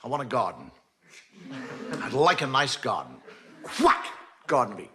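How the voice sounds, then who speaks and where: A man's voice: mid-range voice, wildly swooping pitch, measured pace, bright, forceful tone, a little hiss or hum, voice pushed down, heavily acted. A man playing a bored, petulant God who mutters grumpily to himself in a stand-up routine. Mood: muttering.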